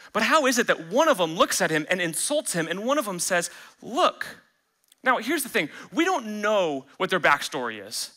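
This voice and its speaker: A man preaching a sermon as pastor, animated, acting out the voices he quotes. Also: high-pitched.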